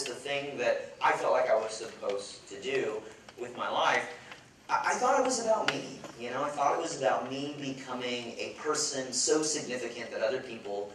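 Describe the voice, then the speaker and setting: A man's voice: medium pitch, a little hiss or hum. Man telling a funny story in an echoey hall. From Chicago. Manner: lively, self-mocking, playful asides to the audience. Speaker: event speaker. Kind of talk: humorous storytelling talk. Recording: echoey hall, far from the mic.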